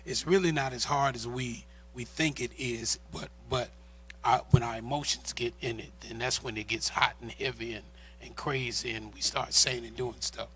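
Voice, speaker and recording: A middle-aged man with a husky yet bright, forward voice co-hosts a church marriage talk. He chats in a loose, joking way and often says his words twice. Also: medium pitch, normal speed. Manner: relaxed, joking, repeats himself. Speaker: pastor co-hosting a marriage talk. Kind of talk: casual chat. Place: church sanctuary.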